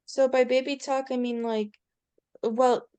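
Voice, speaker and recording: A woman's voice: high-pitched, level tone, a little slow, mellow, clear, resonant tone, no room sound. A teenage girl, a student in an online tutoring session, talking hesitantly and searching for her words.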